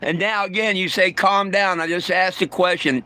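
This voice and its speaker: A man with a drawl rants to his livestream viewers in a blunt, profane way. His voice sits high and bright, and he often trips over his words and starts his sentences again. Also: fairly even intonation, moderate pace. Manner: blunt and profane, stammering restarts, irritable. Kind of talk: casual livestream rant.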